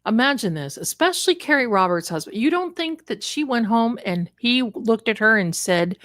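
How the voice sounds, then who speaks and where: A woman hosting a casual livestream, talking in an animated, emphatic way and speaking straight to her viewers from an indoor room. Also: a little high, normal speed, few pauses, no room sound, clean studio sound. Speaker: livestream host.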